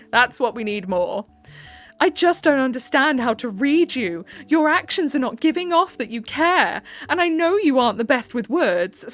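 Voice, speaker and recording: Young woman host, bright voice with lots of lift, dry and mocking as she reads posts. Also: a little high. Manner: sarcastic, frank, quick to laugh. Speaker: channel host reading online posts. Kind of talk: reading posts with chatty commentary.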